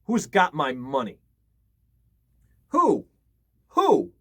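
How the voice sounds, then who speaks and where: A man's voice: fairly high pitch, huge pitch swings, drawn-out words, voice pushed up, full character voice. A man voicing the blind ghost of a dead woman, who moans for her money and cries out in rising wails. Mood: wailing.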